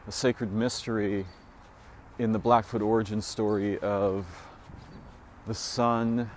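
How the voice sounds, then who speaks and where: A man musing aloud in a solo recording, rambling and speculative, often trailing off into fillers and restarts, with his pitch leaping up on points he stresses. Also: level tone, slow, a little hiss or hum.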